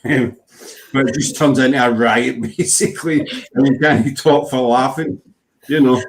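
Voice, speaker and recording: A man's voice: mid-range voice, fairly even intonation, normal speed, a little hiss or hum. A Scottish man hosting a casual chat, joking and bantering and laughing often. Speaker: host.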